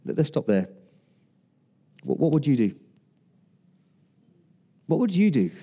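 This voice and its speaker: A man delivers a sermon in a mellow, relaxed voice that sits a little high. He talks to the congregation like a friend, throws out rhetorical questions and pauses for effect. He slips into quoted lines with a shifted voice. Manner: conversational preaching with rhetorical questions and dramatic pauses. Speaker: pastor.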